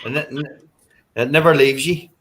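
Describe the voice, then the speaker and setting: A man's voice: mid-range voice, normal speed, crowd noise. A man from Ireland with an Irish accent, chatting casually with friends and filling his talk with "you know". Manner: rambling, many "you know" fillers. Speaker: chat participant. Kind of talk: casual group chat.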